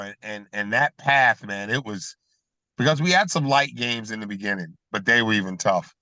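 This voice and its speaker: A middle-aged former basketball player, a guest on a casual podcast, telling animated stories and laughing between them over a video call. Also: male voice, medium pitch, normal speed, dry recording. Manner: animated storyteller who laughs between anecdotes.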